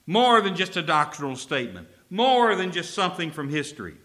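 A man from Texas, a preacher delivering an emphatic sermon and slowing down to stress key phrases. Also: a little high, very animated, bright, forceful tone.

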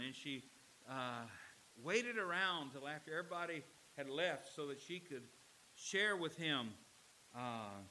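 A man's voice: on the high side, sharp tone, a little hiss or hum, poor audio. A man preaching a sermon as pastor, telling stories and building to emphatic warnings. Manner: storytelling preacher, rising to emphatic exhortation.

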